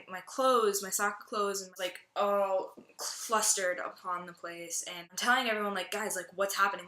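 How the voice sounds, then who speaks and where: A woman's voice: medium pitch, pushed and bright. A young woman telling a personal faith testimony, chatty and full of "like" fillers. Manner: chatty, heavy use of "like" fillers. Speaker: student giving a testimony. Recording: roomy echo.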